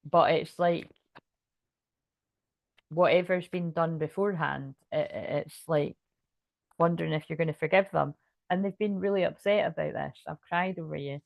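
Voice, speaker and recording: A woman talks through a tarot spread in a loose, rambling way, often restarting her sentences and dropping swear words. Her voice sits a little low for a woman. The sound is dry, with no room echo. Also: fairly even intonation, moderate pace, vocal fry, pauses often. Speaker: tarot reader. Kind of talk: casual tarot card reading.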